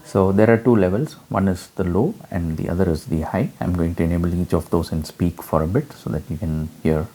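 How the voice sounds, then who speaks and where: A man explaining an audio mixer in a relaxed hands-on demo, with frequent fillers. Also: sits low, brisk, few pauses. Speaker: gear reviewer.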